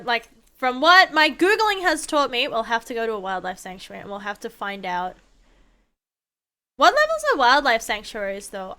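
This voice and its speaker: A young woman streaming a game, chatting casually in a rambling way, swearing freely and breaking into excited outbursts. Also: sits high, clean tone. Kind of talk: casual gameplay chat.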